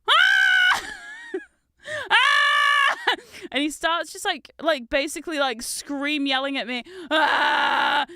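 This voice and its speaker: A young woman streamer chats casually and rambles through family stories. Her voice is bright and crisp, a touch high, heard close up in a dry space. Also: dry recording. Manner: chatty, rambling storyteller with laughs and fillers. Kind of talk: casual chat while building.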